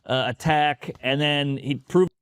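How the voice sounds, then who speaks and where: Give me a comedian guy on a podcast, lively, doing other people's voices, slightly high and dry. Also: a little slow, clear, resonant tone, no echo. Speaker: comedian guest. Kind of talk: casual podcast chat.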